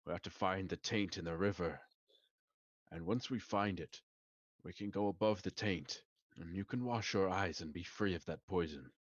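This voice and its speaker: A man playing a stern, deep-voiced warrior. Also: normal speed, no room sound, dull audio. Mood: solemn. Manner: clipped, formal in-character speech.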